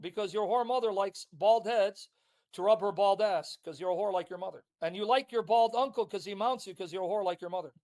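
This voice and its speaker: Man, high-pitched voice, hostile insulting rant, livestream tirade. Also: a little fast, a little mellow. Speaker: online commentator.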